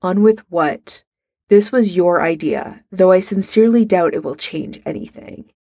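A woman's voice: fairly low pitch, measured pace, mellow, no echo, clean studio sound. A woman voicing a haughty young man who drawls and sneers, in a fan fiction reading. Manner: drawling, clipped and scornful. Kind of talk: fan fiction read aloud.

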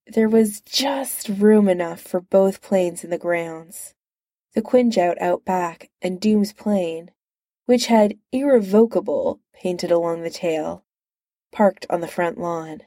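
A woman's voice: on the low side, slow pace, mellow, dry recording, studio quality. A woman narrating fan fiction in a light, amused reading style.

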